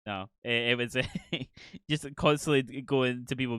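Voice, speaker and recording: A man's voice: mid-range voice, fairly even intonation, moderate pace, fairly bright tone, clear, resonant tone, no room sound. A man hosting a casual podcast chat, rambling and self-deprecating, laughing often. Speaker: podcast host.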